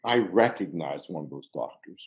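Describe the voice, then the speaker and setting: A man in his sixties from Pittsburgh, telling a long personal story in a casual, halting way with frequent restarts. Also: sits low. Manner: animated, halting with restarts, drops to hushed tones. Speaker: guest storyteller, former soccer coach. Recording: roomy echo.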